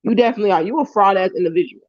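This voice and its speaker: A woman goes off on a live stream, heated and cursing, circling back to the same insults over and over. Her voice sits at an ordinary pitch, and the sound is dry and a little dull, with no room around it. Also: very fast, no echo. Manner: heated, repetitive, profane ranting. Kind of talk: angry ranting live stream.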